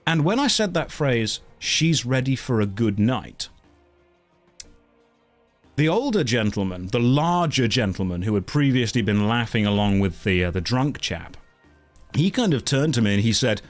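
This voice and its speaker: A man's voice: mid-range voice, sing-song, unhurried, faint music behind. A man telling a casual anecdote on his stream in a dry, self-mocking way, with many restarts.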